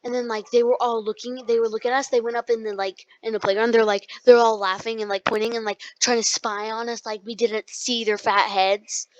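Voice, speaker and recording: A young podcast co-host telling a rambling school story in casual chat, full of likes and ums. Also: female voice, on the high side, flat delivery, fairly quick, hardly any pauses, dry recording. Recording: dull lo-fi sound.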